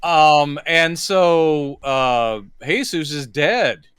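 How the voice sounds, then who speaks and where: A man's voice: on the high side, very slow, a bit bright, clean tone, no echo. Man recapping a film plot, dry close sound. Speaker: podcast co-host. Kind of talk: casual movie review chat.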